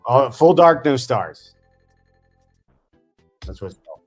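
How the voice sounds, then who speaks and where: A man's voice: mid-range voice, sing-song, slow, slightly rough, faint music behind. A man hosting a casual miniature-painting chat, rambling enthusiastically as he tells stories. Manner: chatty, rambling, enthusiastic storyteller.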